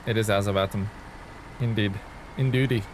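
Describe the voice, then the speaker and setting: A man is live-streaming a truck game, chatting casually with his viewers while he plays and greeting and thanking chat along the way. His voice is fairly low and unhurried. There's a little hiss or hum in the audio.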